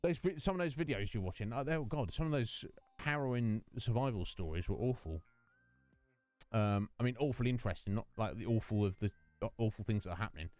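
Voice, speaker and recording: A man's voice: fairly low pitch, expressive, a little fast, a little mellow, dry recording, faint music behind. A man chatting casually with his stream viewers, rambling between topics and greeting them by name. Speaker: game streamer.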